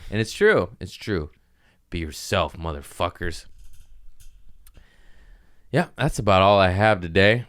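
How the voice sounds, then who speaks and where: Male podcast host, smooth resonant voice, loose profane comedic rambling. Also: deep voice, animated, a bit bright, no room sound. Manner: rambling, profane, jumps into quick mock voices. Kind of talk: casual comedic monologue.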